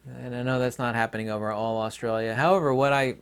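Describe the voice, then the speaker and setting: A man's voice: mid-range voice, steady tone, fast, smooth. A man in mid-range voice talking straight to his audience in a loose, opinionated monologue. He wanders through asides and fillers while making his case, chuckling wryly between points. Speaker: channel host.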